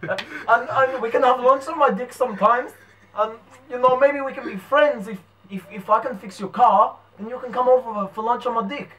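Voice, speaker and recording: A man's voice: high-pitched, slow, pauses often, bright, forceful tone, exaggerated voice, poor audio. A man doing a rambling cheerful Kiwi bloke. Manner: rambling, amateur accent impression. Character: cheerful adult New Zealand bloke offering lunch. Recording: voice from away from the mic.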